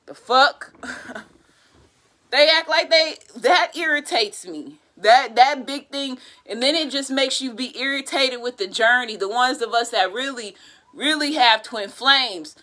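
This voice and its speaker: A woman with a high, sharp voice reads tarot cards in a loose, unscripted way. She talks in a profane, exasperated tone. Her loud outbursts keep sinking into low muttering. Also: a little slow. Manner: profane, exasperated ranting with bursts of laughter. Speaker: tarot reader. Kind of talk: casual tarot reading monologue.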